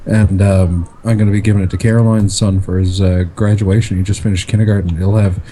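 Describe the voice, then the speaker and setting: A man co-hosting a casual online chat, telling stories with lots of fillers and pauses. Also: lowish voice, little pitch movement, dark tone, a little hiss or hum. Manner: rambling storyteller, many fillers. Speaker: podcast co-host.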